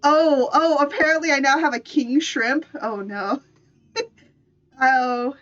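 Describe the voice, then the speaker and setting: A woman artist chatting on a live stream, giggly and halting, with many restarts. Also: high voice, a bit bright, highs cut off. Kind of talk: live-stream chat while making art.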